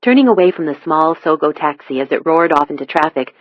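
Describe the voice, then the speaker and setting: Measured thriller narrator; mid voice, dull dry close sound. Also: mid-range voice, animated, dry recording. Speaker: audiobook narrator. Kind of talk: scripted narration.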